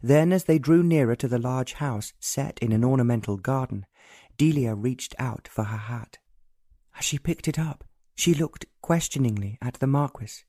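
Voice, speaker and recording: A male narrator reading a romance audiobook in an even, unhurried way. His voice is mellow and warm at a medium pitch, recorded dry and close with no room sound. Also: no room sound. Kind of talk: scripted narration.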